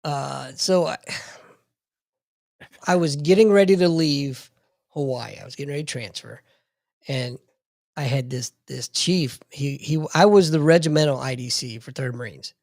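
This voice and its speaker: A man's voice: medium pitch, unhurried, vocal fry, long pauses, a little mellow, no room sound, clean studio sound. A man in his forties telling a profane story in a casual podcast chat.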